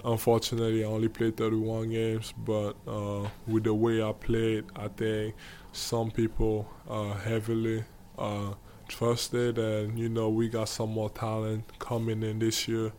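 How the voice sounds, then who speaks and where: Man with an african accent, level monotone delivery, faint background noise, easygoing interview answers. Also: on the low side. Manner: easygoing, pauses often to find words. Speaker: guest basketball player.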